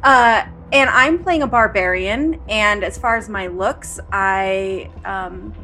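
A woman introducing her tabletop game character in a relaxed way. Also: medium pitch, takes it slowly, slight background noise. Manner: relaxed, laughs easily. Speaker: player.

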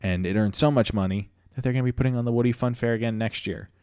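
A man's voice: medium pitch, quick pace, darkish tone, smooth, no room sound, clean studio sound. A man hosting a comedy podcast, telling a story in an easygoing, chatty way. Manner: easygoing, chatty, laughs often. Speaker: podcast host.

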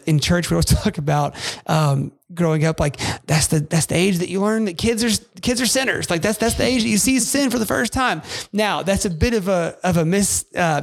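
A man's voice: sits high, gravelly. A man co-hosting a parenting podcast in casual chat, rambling with frequent restarts and asides. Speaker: podcast co-host.

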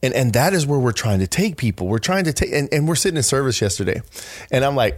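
A man co-hosting a Christian podcast, reading scripture aloud and breaking into excited, animated bursts. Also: medium pitch, fast, dry recording. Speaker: podcast co-host. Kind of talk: faith podcast conversation.

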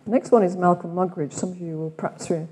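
A woman's voice: fairly low pitch, steady tone, quick pace, mellow, long reverb tail, a little hiss or hum. An older woman with an English accent leading a retreat day, speaking reflectively and asking many questions. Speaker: retreat leader. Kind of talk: retreat talk with read-aloud quotations. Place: meditation centre room.

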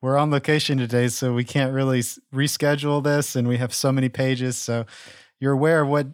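Casual podcast co-host, dry sound. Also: male voice, mid-range voice, little pitch movement, a little fast, dry recording. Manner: rambling, many restarts and fillers, laughs along. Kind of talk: casual interview chat.

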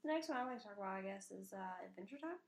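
A woman's voice: medium pitch, expressive, racing. A young woman co-hosting a podcast, talking hesitantly with many fillers and small laughs. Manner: hesitant, giggly, filler-heavy. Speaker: podcast co-host. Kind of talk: casual chat.

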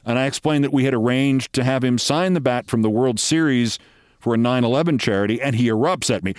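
A man's voice: mid-range voice, brisk, clear, resonant tone, dry recording. Wry male storyteller, dry close sound. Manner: wry storyteller, acting out quoted voices. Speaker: host telling a personal story. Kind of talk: storytelling monologue.

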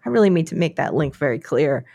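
A woman's voice: low voice, sing-song, quick pace, creaky, warm tone, slightly rough, no room sound. A tired woman author chats on a podcast, silly and playing with words. Her voice sounds close and dry. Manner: silly, wordplay-prone. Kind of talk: casual podcast chat.

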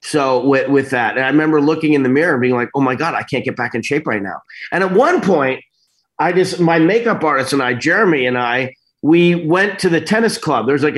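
Brief: middle-aged male guest, slightly high pitch, animated, restarts sentences a lot. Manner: rambling, animated, self-interrupting. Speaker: actor interview guest. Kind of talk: casual storytelling interview.

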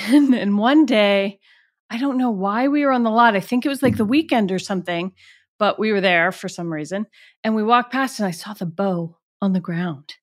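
A middle-aged actress guest telling a story in a casual interview, animated and laughing as she goes. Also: medium pitch, moderate pace.

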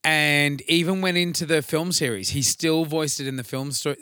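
A man's voice: fairly high pitch, normal speed, clear, resonant tone, dry recording, clean studio sound. A man with an Australian accent co-hosting a podcast, chatting loosely, swearing freely and calling people mate. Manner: loose, swearing, animated, matey. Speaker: podcast co-host. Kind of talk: casual chat.

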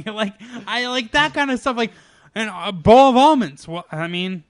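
A man with a notably high voice, talking in a loose, casual chat. He rants in an exasperated way and swears freely. The sound is very dry, with no room echo. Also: lively intonation, normal speed. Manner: profane, exasperated ranting.

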